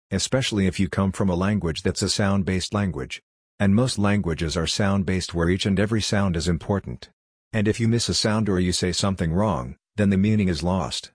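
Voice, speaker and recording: A man's voice: low-pitched, slightly rough, dry recording, studio quality. A middle-aged man giving an earnest, explanatory public talk and asking the audience questions. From Canada. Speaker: speaker.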